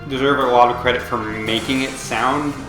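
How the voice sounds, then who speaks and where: A man's voice: medium pitch, fairly even intonation, moderate pace. Rambling young man doing game commentary. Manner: rambling, many ums and likes. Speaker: let's play commentator. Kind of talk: casual gameplay commentary. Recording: roomy echo with game music behind.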